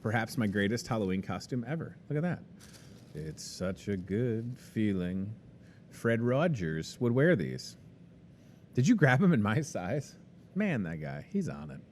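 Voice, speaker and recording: Chatty upbeat Midwestern store host. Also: male voice, lowish voice, very animated, unhurried, a little mellow, slight background noise. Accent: Midwestern American. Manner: chatty, upbeat salesman patter with jokes. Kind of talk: casual live promo talk.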